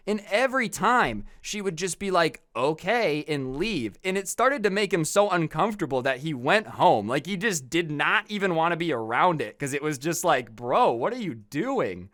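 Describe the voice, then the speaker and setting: A man's voice: a little high, dry recording, clean studio sound. A young man casually retelling viewer stories, chatty and slangy, acting out the people he quotes. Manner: chatty, animated, slangy, acts out quoted voices. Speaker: storytime vlogger. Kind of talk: casual storytelling.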